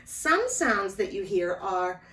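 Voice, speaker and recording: A woman giving a slow, gentle lesson to young children as a librarian, talking straight to them. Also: mid-range voice, very animated, far from the mic. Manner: slow, gentle, speaking directly to small children. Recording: echoey room, voice a bit off-mic. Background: clock ticking.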